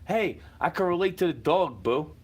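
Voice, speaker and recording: A man ranting at the camera from his home, profane and confrontational, shouting at times. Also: a little high, animated, moderate pace, slightly rough. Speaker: livestreamer. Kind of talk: angry rant to camera. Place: indoors, home.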